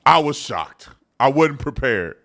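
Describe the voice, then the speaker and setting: A man's voice: medium pitch, sing-song, measured pace, vocal fry, fairly bright tone. A man from Texas with a Texan accent, hosting a live political commentary show in a blunt, mocking, slangy way. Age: adult. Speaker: host.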